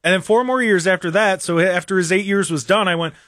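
A young American man hosts his radio talk show. He rambles along with sarcastic, mocking jabs, his voice a touch high. The studio sound is close and dry. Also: fast talker, a bit bright, dry recording. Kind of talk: casual opinionated talk radio monologue. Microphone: studio microphone.

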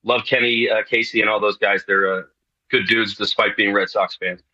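A man's voice: lowish voice, steady tone, moderate pace, sharp tone, lo-fi sound. A middle-aged man from New York, a guest on a radio talk show, rambling casually with many fillers and restarts.

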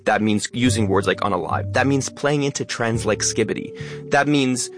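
A man talking as a guest in an interview, speaking quickly and stressing many words. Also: mid-range voice, over music. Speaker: guest, online creator. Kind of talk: interview conversation.

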